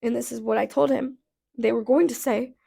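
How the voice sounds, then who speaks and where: A woman in her thirties telling a casual storytime rant, blunt and profane, her voice going hoarse, with lots of "like" fillers. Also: fairly high pitch, fairly even intonation, a little fast, warm tone. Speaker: vlogger.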